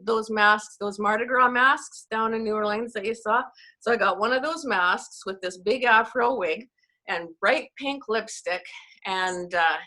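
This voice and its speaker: A woman's voice: mid-range voice, pushed and bright. A Canadian woman, a network marketing coach, telling self-mocking stories in a casual chat on a video call. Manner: chatty, self-mocking storyteller.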